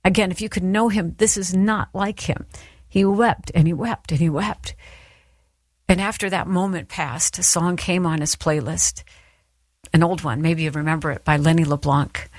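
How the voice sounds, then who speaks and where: A middle-aged woman giving an earnest, encouraging devotional talk to her listeners, with soft emphatic pauses. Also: fairly low pitch, steady tone, no room sound, clean studio sound. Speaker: Christian speaker.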